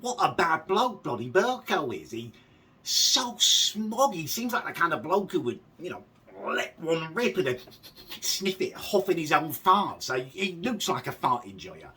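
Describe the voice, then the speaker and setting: Sarcastic ranting man, bright husky voice. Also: on the high side, very animated, normal speed, far from the mic. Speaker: reaction video host. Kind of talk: casual reaction commentary.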